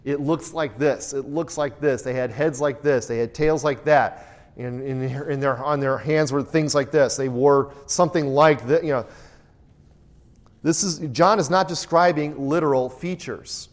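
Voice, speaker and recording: This male Bible teacher has a mid-range voice and a measured pace. Leading interactive study, he reads scripture aloud in a raised voice and asks the group questions before echoing their responses.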